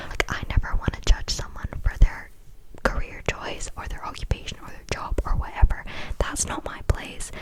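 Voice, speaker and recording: A woman's voice: normal speed, rough recording. A young woman, ranting about a bad day at work in a whispered ASMR style, chatty with lots of fillers. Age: young adult. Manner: chatty storytelling with many fillers. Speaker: vlogger.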